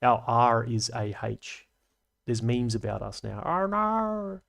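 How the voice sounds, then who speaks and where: Speaking low and unhurried with a flat delivery and vocal fry, an Australian-accented man runs a laid-back livestream. He reads out viewer comments and responds chattily and analytically, slipping in slang and dry asides.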